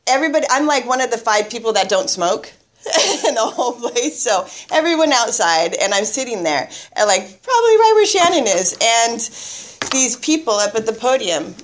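A woman's voice: a little high, very animated, normal speed. Chatty, nervous woman with a raised voice. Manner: nervous, chatty, laughs often at herself. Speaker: guest speaker at a recovery meeting. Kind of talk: personal story told to a live audience.

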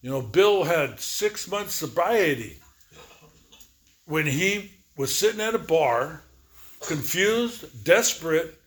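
A man's voice: a little high, expressive, slow pace, a bit bright. A man in his sixties giving a rambling personal recovery testimony, full of fillers and repeats, acting out both sides of remembered talks. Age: 60s. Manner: rambling, repetitive storytelling with many fillers. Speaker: recovery speaker.

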